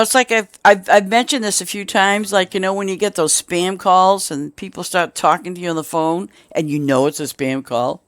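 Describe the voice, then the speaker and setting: A woman's voice: on the low side, slight background noise. A middle-aged woman streaming a game, chatting casually in a rambling way with many restarts and asides.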